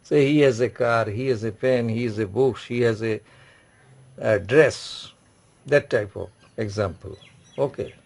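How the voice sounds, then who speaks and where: Male language teacher, patient and repetitive, mid-pitched voice. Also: measured pace, creaky, darkish tone. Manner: repetitive, instructive, frequent "okay" and "say". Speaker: French teacher. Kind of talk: classroom language lesson.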